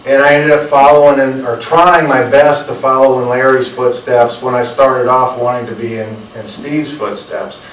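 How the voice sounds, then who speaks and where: A man's voice: medium pitch, steady tone, normal speed, hardly any pauses, a little hiss or hum. A man, an author telling earnest stories to a live audience and acting out the dialogue he quotes. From North Carolina. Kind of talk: storytelling talk to an audience. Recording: roomy, from a distant mic.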